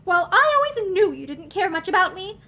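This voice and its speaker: An eager, innocent young girl, earnest and pleading, her voice climbing high, as a woman reading a novel puts her on. Her speech leaps and swoops with a lively, expressive lilt. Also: normal speed, exaggerated voice.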